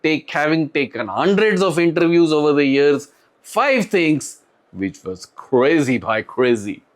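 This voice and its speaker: A middle-aged man with an Indian accent, telling interview stories to camera in an animated way, acting out quotes and laughing often. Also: a little high, unhurried. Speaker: tech interviewer and channel host. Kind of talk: storytelling to camera.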